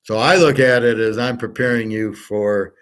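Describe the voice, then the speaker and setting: A man hosting a show, talking in a blunt, rambling casual monologue with profanity and soft trailing fillers. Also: mid-range voice, moderate pace, clean tone. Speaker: podcast host.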